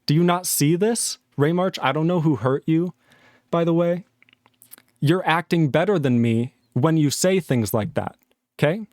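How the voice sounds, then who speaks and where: A man's voice: fairly high pitch, a little slow, darkish tone, dry recording. Man, angry, swearing, arguing with viewers, close dry mic. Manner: angry, profane, arguing with chat. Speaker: livestream host. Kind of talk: heated live-stream chat.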